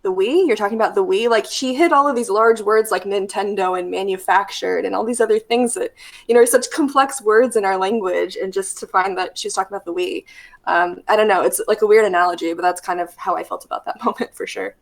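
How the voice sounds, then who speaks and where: A woman therapist speaks with a gravelly, creaky voice at an ordinary middle pitch. She tells stories in a relaxed, reflective way and leans on fillers. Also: a little fast. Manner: thoughtful, storytelling with many fillers. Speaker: therapist guest. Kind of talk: casual podcast conversation.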